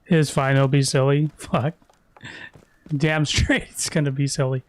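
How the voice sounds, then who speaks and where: A man's voice: medium pitch, level tone, measured pace. A man giving casual, crude and profane commentary while streaming a video game. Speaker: gaming streamer.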